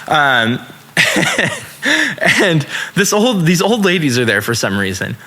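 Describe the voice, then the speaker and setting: Animated young man with a lively pitch. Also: slow pace. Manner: animated, profane, acts out voices in stories. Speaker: podcast guest, musician. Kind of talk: casual storytelling.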